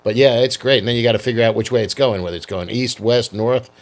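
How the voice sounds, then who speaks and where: A man's voice: medium pitch, fairly even intonation, quick pace. An older man co-hosting a podcast, chatting casually and slipping in dry quips. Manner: dry wisecracks, short agreeing replies. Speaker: podcast co-host. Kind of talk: casual chat.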